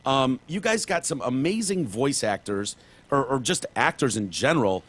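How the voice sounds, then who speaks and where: A man's voice: mid-range voice, expressive, moderate pace, fairly bright tone. A man hosting a podcast, asking questions in an easygoing, loose way with lots of fillers. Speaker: podcast host. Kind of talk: casual interview chat.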